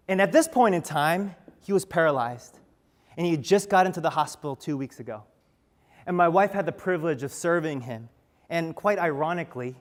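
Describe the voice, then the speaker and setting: A man speaks from a stage, telling stories in an earnest way and turning to the audience with rhetorical questions. His voice sits a little high for a man. A long reverb trails each phrase, as in a large hall. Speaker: speaker giving a talk. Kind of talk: storytelling talk.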